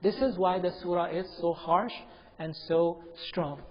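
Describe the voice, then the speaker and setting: A man's voice: high-pitched, a little slow. A man giving a Quranic commentary lecture in a mosque, emphatic and repeating key phrases, chanting Arabic verses between explanations. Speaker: religious teacher. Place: mosque prayer hall. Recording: dull lo-fi with long hall reverb.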